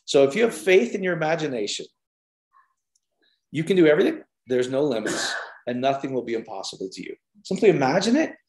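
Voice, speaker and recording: A man preaching an informal sermon, telling stories in an animated way with lots of fillers. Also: fairly high pitch, fairly quick. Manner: animated storytelling with many fillers. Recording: roomy echo.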